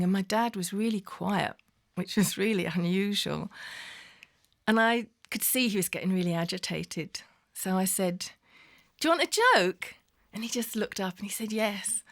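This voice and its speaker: A middle-aged woman telling a personal memoir in an intimate spoken-word style, often dropping to a whisper. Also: medium pitch.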